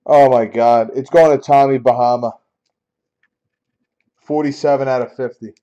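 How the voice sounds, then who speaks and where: A man hosting a sports card break live, talking casually and getting loudly exasperated, repeating himself. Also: mid-range voice, steady tone, moderate pace, pauses often, muffled recording. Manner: exasperated, repetitive, loud outbursts. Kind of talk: casual live-stream banter.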